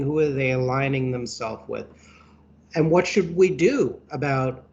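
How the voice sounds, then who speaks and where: A man interviewing a guest on politics, laying out points in earnest and packed with names and facts, sometimes restarting a phrase. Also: on the high side. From United States.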